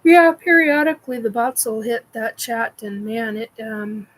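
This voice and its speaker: Slow, rambling woman streamer. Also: a little high, poor audio. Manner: rambling, with many fillers and restarts. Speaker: host of a live evening chat stream. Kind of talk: casual live-stream chat reading comments.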